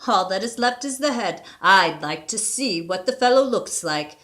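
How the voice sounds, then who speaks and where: A woman reading aloud and voicing a fearless man who speaks calmly and politely. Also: medium pitch, moderate pace, lightly acted. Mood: cheerful. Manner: calm, jaunty and polite. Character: fearless cheerful young man Esteban.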